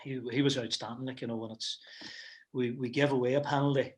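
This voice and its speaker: A man's voice: medium pitch, steady tone, brisk. Rambling middle-aged man reminiscing. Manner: rambling, full of "you know" and restarts. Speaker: football manager guest. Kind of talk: casual reminiscing interview.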